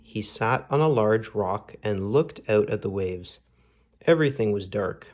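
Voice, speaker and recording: A man reads a children's story aloud, unhurried and measured. His voice sits somewhat low, and he moves through the narration at a very slow, even pace. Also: lo-fi sound. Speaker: storybook reader.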